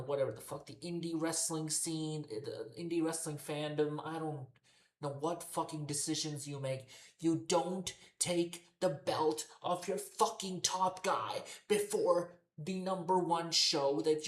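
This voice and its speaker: A woman ranting heatedly as a wrestling show reviewer, swearing constantly and repeating herself in exasperation. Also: low voice. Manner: profane, exasperated, repetitive ranting. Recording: roomy echoey room.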